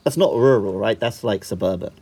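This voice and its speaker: A man's voice: fairly low pitch, a little fast, warm tone, husky. A British man from Britain co-hosting a podcast in casual chat, making dry, teasing wisecracks. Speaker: podcast co-host.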